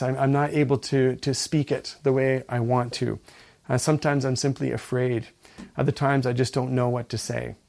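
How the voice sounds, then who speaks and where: A man preaching a sermon as a pastor, earnest, reading scripture aloud with rising emphasis and slow, deliberate pauses. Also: mid-range voice.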